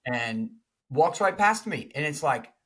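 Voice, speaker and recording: Man, slightly husky voice, podcast co-host, animated, acts out quotes. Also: fairly high pitch, unhurried. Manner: animated, mimics partners in quoted speech. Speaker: podcast co-host, couples expert. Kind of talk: lively conversational explanation with acted quotes.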